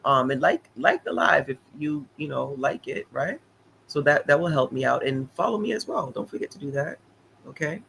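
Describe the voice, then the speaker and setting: A man's voice: fairly high pitch, normal speed, creaky, slight background noise, poor audio. Chatty man giving a live-stream recap. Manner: animated, chatty, many fillers and repeated "honey, listen".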